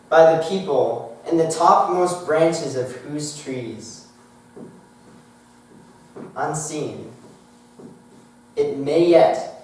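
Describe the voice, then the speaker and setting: A teenage boy reciting a poem as a student contestant, slow and measured, trailing off quietly at line ends. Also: fairly high pitch. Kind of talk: poetry recitation. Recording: echoey hall from far off.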